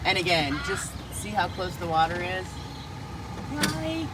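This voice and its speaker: A woman hosting a live-stream vlog from a small boat on a crocodile lake, chatty and excitable, greeting and thanking viewers. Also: on the low side, measured pace. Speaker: vlog host. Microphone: phone held by the speaker. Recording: loud boat engine noise outdoors.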